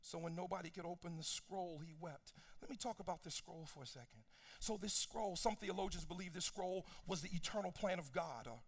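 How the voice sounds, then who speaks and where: A man preaching a sermon, reading scripture with casual asides, swinging between soft low passages and sung, shouted peaks.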